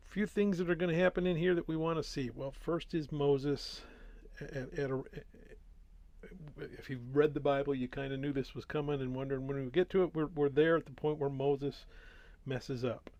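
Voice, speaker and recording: A man's voice: a little high, steady tone, normal speed, a little mellow, no room sound, muffled recording. A man hosting a daily Bible reading, talking through the chapters in a casual, folksy way before he reads. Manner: conversational, folksy, with restarts.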